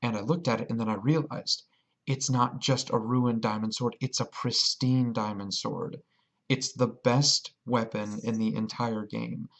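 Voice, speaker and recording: A man telling a rambling, excited story about a game in a casual vlog. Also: medium pitch, measured pace, creaky. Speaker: vlogger.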